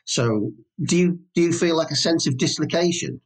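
A man with a husky, slightly raspy voice, putting questions to a guest. He often stumbles over the first words before settling into each question. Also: a little high, expressive, normal speed. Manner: hesitant questioning with stammered starts. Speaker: interviewer. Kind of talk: conversational interview.

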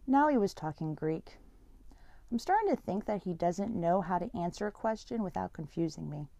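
A woman's voice: on the low side, lively intonation, normal speed, creaky, mellow, dry recording. A woman reading a first-person story aloud in a plain, conversational way.

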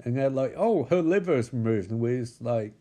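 A man casually recapping a show, rambling and profane, slipping into quick character voices. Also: mid-range voice, animated, mellow.

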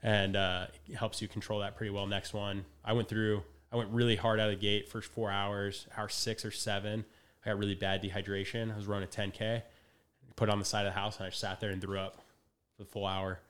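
Man, young adult, podcast guest, quick lively storyteller, slightly low voice. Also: smooth. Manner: animated storyteller, acts out quotes, laughs often. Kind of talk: casual podcast conversation.

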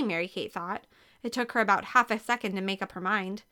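A woman narrating a children's storybook aloud in a lively, expressive reading. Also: medium pitch, normal speed. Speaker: audiobook narrator.

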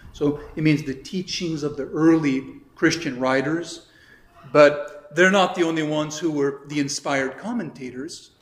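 Priest lecturing in an echoey room. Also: male voice, on the high side. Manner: explanatory, chatty asides, reads scripture aloud. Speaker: priest teaching catechism. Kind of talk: informal catechism class lecture. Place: church hall or classroom.

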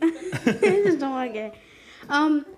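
A woman hesitantly telling a group about her mother, with many pauses and fillers. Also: sits high, lively intonation, a little mellow. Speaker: group participant. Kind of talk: personal story in a group discussion.

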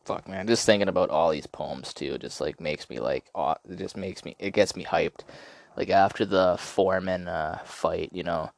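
A man hosting a podcast, telling stories in a rambling, profane, excitable way. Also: deep voice, moderate pace, gravelly, dry recording. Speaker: podcast host. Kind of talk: casual podcast storytelling.

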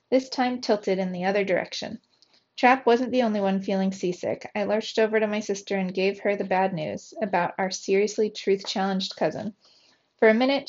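Woman reading a children's story aloud. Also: medium pitch. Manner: lively, voices the dialogue with raised energy. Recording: slightly dull, lo-fi sound.

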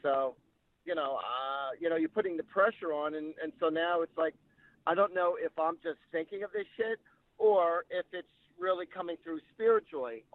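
A man with a fairly high voice speaks at a moderate pace on a dry, tinny, phone-like line. He's a psychic medium in a storytelling interview, animatedly recounting anecdotes and acting out the people he quotes.

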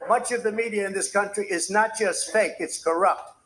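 Male politician, high voice, combative and dismissive with reporters. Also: moderate pace, fairly bright tone, poor audio. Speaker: president at a press conference. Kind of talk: speech and press conference remarks.

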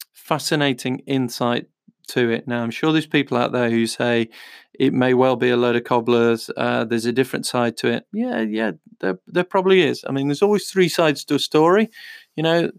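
Recorded in clean studio quality with no room sound, a man with a medium-pitched, clean voice hosts a podcast. He recommends books casually, rambling chattily with plenty of fillers and reading blurbs aloud.

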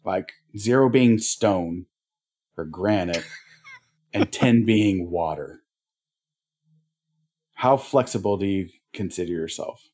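A man's voice: low voice, slow, pauses often, a little mellow, breathy edge. A man co-hosting a casual podcast chat, rambling with many fillers and laughing easily. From family ties to North Dakota. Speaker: podcast co-host.

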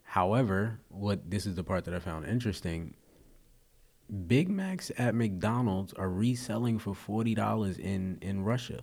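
A man's voice: fairly low pitch, expressive, moderate pace, gravelly, darkish tone, slightly rough. A man hosting a podcast, talking loosely and animatedly in casual chat, with casual swearing. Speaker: podcast host.

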